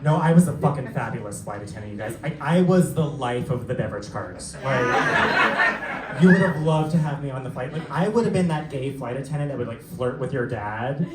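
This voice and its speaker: A young man doing a live stand-up set, telling stories in a camp, sassy way with quick asides. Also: medium pitch, animated, heavy background noise. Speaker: stand-up comedian. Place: theater stage before a laughing crowd. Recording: roomy live theater sound, mic distant, crowd audible.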